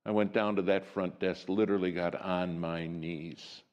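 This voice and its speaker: Male preacher, low voice, storytelling sermon, folksy, dramatic hush and lift, muffled lo-fi recording. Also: moderate pace. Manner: dramatic storytelling with sudden soft drops and lively rises; folksy and conversational.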